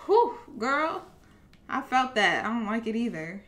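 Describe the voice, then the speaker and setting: A woman's voice: a little high, big pitch swings, a little slow, a bit bright. A young woman giving chatty, casual commentary while playing a video game. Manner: chatty, reacts aloud to the game. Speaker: gameplay streamer. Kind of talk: casual let's-play commentary.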